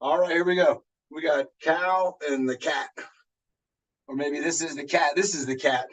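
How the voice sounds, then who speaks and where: A man's voice: a little high, fairly even intonation, normal speed, husky, far from the mic, rough recording. Upbeat man leading a workout, off-mic. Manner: upbeat, encouraging, talks through moves while exercising. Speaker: fitness instructor. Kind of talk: guided workout instruction.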